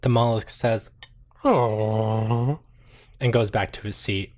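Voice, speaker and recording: A game master narrating a tabletop game in an animated way, laughing often and filling with likes and uhs. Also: mid-range voice, moderate pace, a little hiss or hum.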